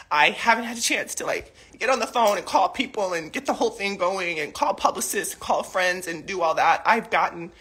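Bright, husky-voiced woman, emotional. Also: on the low side. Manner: emotional, defensive, rambling with many fillers. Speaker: mother addressing the public. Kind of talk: casual live video statement. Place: living room at home.

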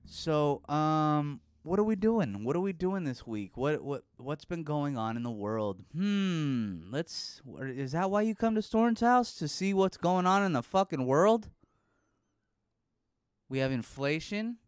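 Profane sarcastic man, smooth voice. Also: a little high, animated, unhurried, no echo, clean studio sound. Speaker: podcast host. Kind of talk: casual solo podcast monologue.

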